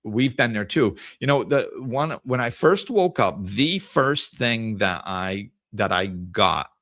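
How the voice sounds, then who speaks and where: Low-voiced man, casual spiritual chat. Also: expressive, takes it slowly, fairly bright tone, no room sound. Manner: conversational, storytelling, frequent restarts and fillers. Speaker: podcast host.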